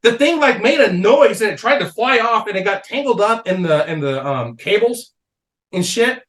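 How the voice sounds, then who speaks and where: A man with a fairly high voice tells a wild story on a casual comedy podcast. He is loose and profane and laughs through his own tale. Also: moderate pace. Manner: animated storyteller, swears a lot, laughs mid-story. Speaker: podcast guest.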